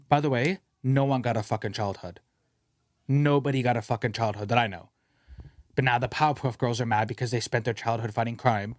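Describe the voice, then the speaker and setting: A man hosting a podcast in a studio, rambling through stories in a casual, profane, animated way. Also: medium pitch, dry recording. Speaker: podcast host.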